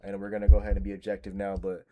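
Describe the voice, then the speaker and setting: A man in his twenties hosting a music reaction video, excitable and profane, often repeating himself. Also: fairly low pitch, very fast. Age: 20s. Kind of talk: casual reaction commentary. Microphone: desk microphone.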